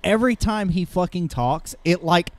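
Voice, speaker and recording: A man's voice: sits high, normal speed, dry recording. A man guesting on an anime podcast, riffing crudely with lots of profanity in casual chat. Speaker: guest co-host.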